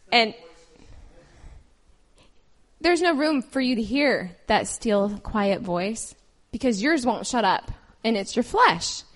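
A woman's voice: fairly high pitch, fairly bright tone. A woman reading scripture aloud, then preaching in an earnest, conversational way with personal stories. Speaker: lay preacher.

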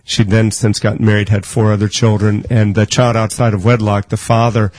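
A man preaching a sermon, telling stories with lively quoted voices and rattling off scripture quickly. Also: fairly low pitch, dry recording, rough recording. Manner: animated storytelling, acting out quoted voices.

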